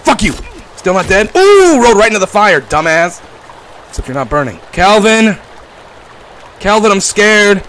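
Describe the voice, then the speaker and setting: Animated young man yelling at game companions. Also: high voice, normal speed, a little hiss or hum. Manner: playful, swings from mock-tender to yelling and swearing. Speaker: gaming YouTuber. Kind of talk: comedic gameplay commentary.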